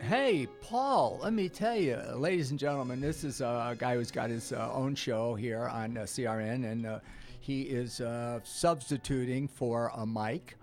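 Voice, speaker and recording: A man's voice: medium pitch, fairly even intonation, moderate pace, soft background music. An older man hosting a radio talk show, chatting casually and rambling with many hesitations.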